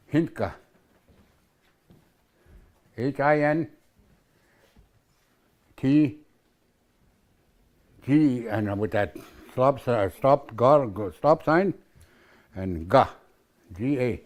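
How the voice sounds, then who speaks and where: A man's voice: medium pitch, animated, very slow, long pauses, darkish tone. A man teaching a language class in a casual way, repeating words and spelling them out, often asking "eh?".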